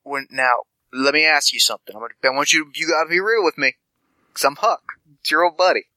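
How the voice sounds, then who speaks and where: A man's voice: on the high side, fast talker, bright, forceful tone, no echo, low-quality recording. A man doing Huck, a rambling street informant. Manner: stammering, scatterbrained, affectionate.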